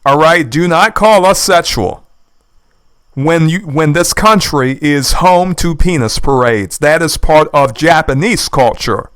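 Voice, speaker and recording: Indignant man, smooth, slightly high voice. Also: expressive, unhurried, fairly bright tone, dry recording. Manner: indignant, sarcastic, repeats his points. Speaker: YouTube commentator. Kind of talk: reaction commentary. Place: lives in the United States.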